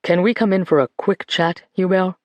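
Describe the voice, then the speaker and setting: A narrator voicing a patient, gentle man who speaks kindly to an old relative. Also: high voice, fairly even intonation, moderate pace, dry recording, lightly acted. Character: gentle middle-aged man, a museum keeper.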